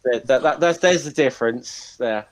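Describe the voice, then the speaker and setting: A man's voice: medium pitch, normal speed, poor audio. A man on a casual chat panel, teasing and joking, stopping and repeating words as he talks.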